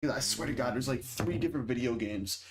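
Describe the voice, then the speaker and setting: A man's voice: medium pitch, quick pace, crowd noise. Male streamer, casual reaction chat, blunt, sarcastic, sweary.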